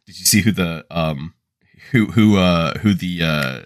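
Low-voiced man recapping wryly. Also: measured pace. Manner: recapping, wry. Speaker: podcast co-host. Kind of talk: casual chat.

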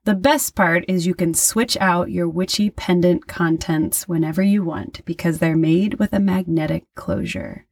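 Woman podcast host, earnest and reflective, low-ish voice. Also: expressive, measured pace, gravelly, hardly any pauses, dry recording. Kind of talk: casual chat and outro.

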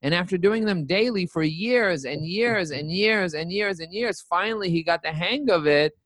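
Animated higher-voiced man telling stories. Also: moderate pace, dry recording. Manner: animated, acts out quoted dialogue. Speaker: company CEO, interview guest. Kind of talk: casual interview storytelling.

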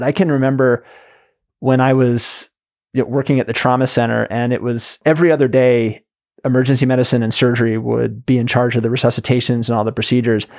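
A man's voice: medium pitch, darkish tone. Male podcast host, casual and loose, mid-range voice. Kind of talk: podcast conversation.

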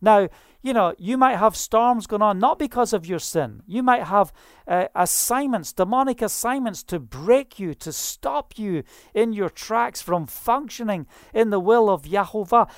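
A preacher, delivering a sermon in a fast, fervent style with frequent hallelujahs. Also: medium pitch, expressive, no room sound, studio quality.

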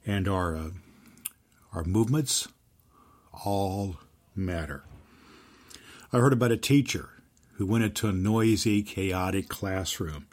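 A man hosting an inspirational podcast, giving an earnest faith-based teaching and telling stories, slowing down to stress key phrases. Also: on the low side, darkish tone. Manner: earnest, with slowed emphatic phrases and storytelling. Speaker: podcast host and Christian teacher.

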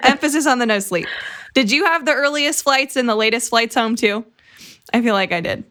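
A woman's voice: on the high side, a little fast, a bit bright. A young woman hosting a sports podcast, talking in an upbeat, enthusiastic way. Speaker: podcast host. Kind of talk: casual podcast chat.

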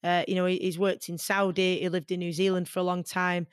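A woman in her forties with a Mancunian accent, from Manchester, talking as an interview guest in an earnest, animated way. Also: fairly low pitch, a little fast, clear, resonant tone, no room sound, clean studio sound. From Manchester, England. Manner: earnest and animated, many fillers. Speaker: guest, boxer. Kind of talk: conversational interview.

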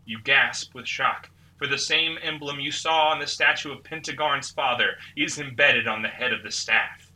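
A man's voice: medium pitch, normal speed, few pauses, pushed and bright. A man hosting and narrating a tabletop adventure, breaking off for joking asides. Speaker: game master and host. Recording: distant mic with background music.

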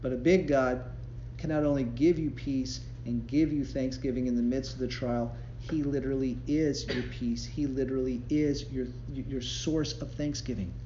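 His mid-range, warm voice holds a steady tone at normal speed, with hardly any pauses. The man gives a conversational devotion sermon full of stories and laughter, recorded in a roomy, slightly dull space with faint ambience and slight background noise.

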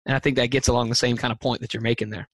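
A man's voice: medium pitch, level tone, rapid-fire, fairly bright tone, no room sound. A man being interviewed as a teacher and speaker, answering earnestly and thoughtfully, with frequent fillers and restarts.

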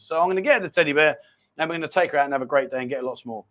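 A middle-aged man hosting a casual live chat show, talking in a rambling, animated storytelling way. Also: on the high side, very fast. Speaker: livestream host.

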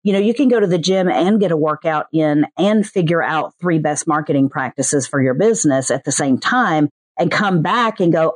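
A woman with a Southern US accent, a podcast producer chatting in an interview and slipping into quick voiced asides. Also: low-pitched, no echo. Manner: chatty, animated, mimics other people's voices in quick asides. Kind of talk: casual interview chat.

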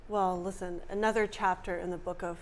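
A woman anchoring a morning newscast, introducing stories in a polished, measured way. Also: lowish voice, little pitch movement. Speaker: news anchor. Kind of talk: newscast presenting.

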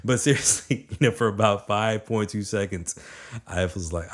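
Man, deep voice, young adult, motivational talk, energetic, conversational, repeats for emphasis. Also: fairly quick. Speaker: motivational speaker.

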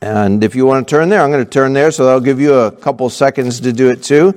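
A man preaching a sermon as pastor, animated and acting out little scenes between kids and parents. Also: medium pitch, fairly quick, in a large hall.

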